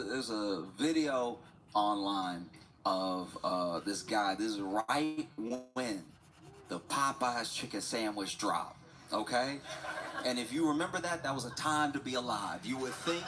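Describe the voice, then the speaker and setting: A man chatting casually during an art livestream, telling a rambling story and often laughing and repeating himself. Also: mid-range voice. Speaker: livestreaming artist. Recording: steady background noise.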